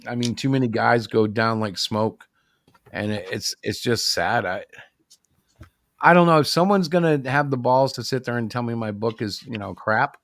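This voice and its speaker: Animated, opinionated man chatting. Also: medium pitch, normal speed, no echo. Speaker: indie comic creator co-hosting a livestream. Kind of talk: casual chat.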